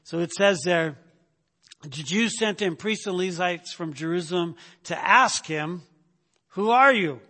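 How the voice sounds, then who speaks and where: A man's voice: high voice, a little slow, pushed and bright, big-room sound. A man teaching a sermon in a conversational way, often stopping to ask "right?" and repeating words as he goes. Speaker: preacher.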